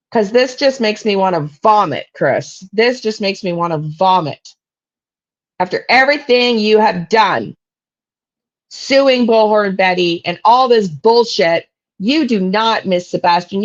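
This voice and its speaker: On a live-stream soapbox rant, this true crime channel host swears freely and speaks with blunt anger. Her voice is mid-range, and the audio has its highs cut off.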